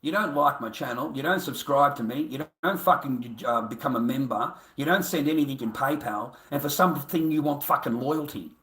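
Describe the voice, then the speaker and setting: A man's voice: mid-range voice, fairly quick, hardly any pauses, fairly bright tone, roomy sound. An Australian man livestreaming an angry, profane, combative rant at his viewers.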